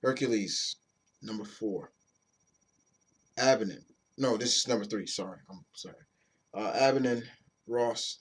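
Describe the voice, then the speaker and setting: A man's voice: fairly low pitch, unhurried, pauses often, slightly rough. A man giving a casual, rambling comic book review, loose and chatty with mild swearing and frequent restarts.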